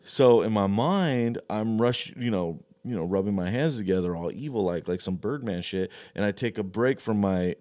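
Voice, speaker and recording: A man's voice: on the low side, lively intonation, normal speed, hardly any pauses, a little mellow. Young man telling a crude, mocking story. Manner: profane, offhand and mocking. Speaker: podcast storyteller.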